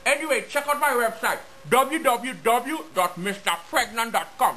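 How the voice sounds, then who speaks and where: A man's voice: very high-pitched, moderate pace, pushed and bright. A man delivering a mocking, exaggerated comedic rant to his viewers. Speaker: comedy vlogger.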